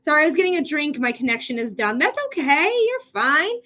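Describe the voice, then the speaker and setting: A woman's voice: sits high, sing-song, fairly quick, pushed and bright. A woman hosting a live psychic reading stream, chatting casually with viewers and swearing now and then.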